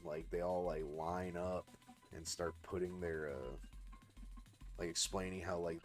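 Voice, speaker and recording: A young man on a livestream casually pitching a story. He rambles, swears and fills every pause with "like". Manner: rambling, heavy "like" filler, cursing. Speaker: artist streamer.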